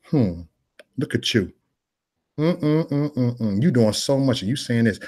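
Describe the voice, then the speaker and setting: A hushed, humming Jesus calls out one sinner after another in a low, mock-stern murmur. He has a Chicago street accent, and a man puts the voice on. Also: animated, takes it slowly. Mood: quietly judging. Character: Jesus quietly sizing up sinners, adult man.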